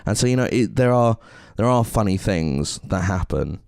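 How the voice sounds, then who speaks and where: A low-voiced English man co-hosting a casual podcast. He talks earnestly and rambles, restarting his sentences. The sound is dry and close to the mic. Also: expressive, moderate pace, creaky, a little mellow, no echo. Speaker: podcast co-host.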